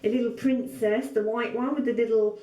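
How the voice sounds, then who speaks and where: A woman's voice: fairly high pitch, steady tone, brisk, dark tone, distant mic. A woman sewing vlogger opening gifts on camera, gushing and full of exclamations. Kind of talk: casual vlog, opening gifts. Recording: echoey room, mic set back.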